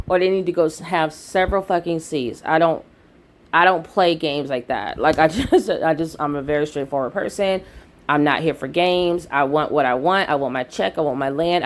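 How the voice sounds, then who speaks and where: A woman giving a blunt, heated opinion vlog, swearing freely. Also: fairly low pitch. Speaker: video commentator.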